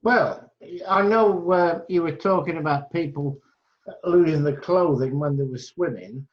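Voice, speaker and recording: A man joining a lecture on a video call, chatting casually and telling a story in an unhurried, hesitant way. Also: fairly high pitch, lo-fi sound. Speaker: lecture participant.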